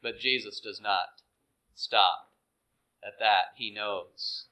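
A man preaching a sermon, earnest and measured, dropping to soft, hushed phrases for emphasis. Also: lowish voice, poor audio. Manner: slow, earnest, with dramatic soft drops.

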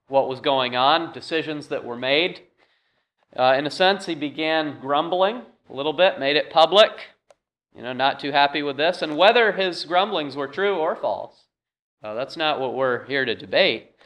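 A pastor delivers his sermon in a relaxed, conversational way, often pausing on "uh." His voice sits a little high for a man. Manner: conversational preaching with many "uh" fillers.

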